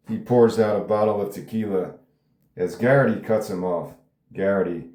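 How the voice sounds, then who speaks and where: A man's voice: lowish voice, normal speed, a little mellow. A man reading a script aloud in a casual way, with laughing asides between lines. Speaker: script reader. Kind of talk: casual table read narration. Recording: roomy echo.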